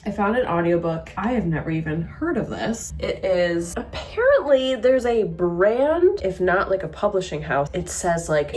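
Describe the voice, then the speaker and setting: Chatty young woman with a lowish voice. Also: animated, normal speed, few pauses, a little mellow. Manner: chatty, informal, addresses viewers as y'all. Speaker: book vlogger. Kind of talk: casual vlog chat.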